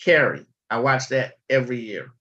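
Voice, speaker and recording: A man's voice: mid-range voice, big pitch swings, normal speed, sharp tone, dull audio. A man hosting a casual livestream, talking bluntly and chattily and swearing freely. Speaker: livestream host.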